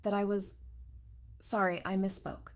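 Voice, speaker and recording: A woman's voice: mid-range voice, fairly even intonation, normal speed, darkish tone, lightly acted. A woman reading as a whiny lying noble girl. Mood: flustered. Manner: whiny, stammering. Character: lying, flustered young noble lady.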